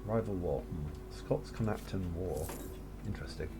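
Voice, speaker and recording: Recorded live on voice chat from his home setup, a gameplay streamer thinks aloud while playing a strategy game, adding jokes as he goes. He speaks at a moderate pace in a low voice, with background noise audible.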